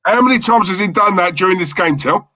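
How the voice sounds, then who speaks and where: A man's voice: high-pitched, fast, dry recording. A man co-hosting a live football watch-along stream, chatting to viewers and reacting to the match. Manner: chatty, thanks viewers in the chat, excitable at the match. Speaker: fan channel co-host.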